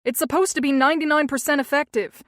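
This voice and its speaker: A domineering young husband, arrogant and resentful, barks his demands in a scolding tone, as a woman narrator puts him on. The voice sits a little high, and the audiobook recording is dry and close. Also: moderate pace, no echo, lightly acted. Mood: angry.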